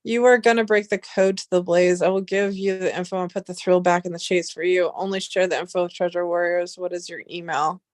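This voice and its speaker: A young woman chatting casually on a livestream, rambling and excitable, swearing freely. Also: on the low side, fairly quick, few pauses, dry recording, clean studio sound. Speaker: livestream host.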